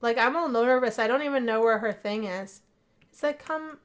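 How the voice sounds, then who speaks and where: Excitable woman narrating a life-sim game. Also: fairly high pitch, fairly quick. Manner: chatty and excitable, gasping and gushing over the game. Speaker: gameplay narrator. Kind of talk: casual let's play commentary.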